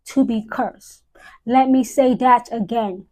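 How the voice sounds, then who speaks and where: A woman speaking as a high priestess on a live stream, solemn and deliberate, repeating key phrases for emphasis. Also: steady tone, warm tone, poor audio. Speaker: witch giving a live-stream talk.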